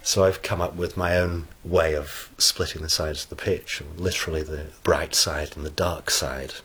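A man answering interview questions in a frank, wry, conversational way, with a husky voice. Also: very deep voice, steady tone, normal speed, a bit bright.

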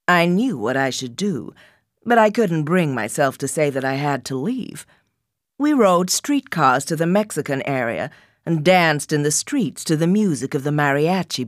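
A woman reading a memoir aloud in a measured, unhurried storytelling voice. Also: low-pitched, no room sound, studio quality. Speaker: reader.

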